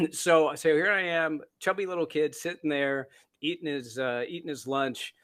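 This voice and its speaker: A man's voice: a little high, a little slow, fairly bright tone. A Canadian-born man, an author being interviewed, telling stories in a chatty, self-deprecating way with frequent fillers and restarts. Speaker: author guest. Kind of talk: casual interview storytelling.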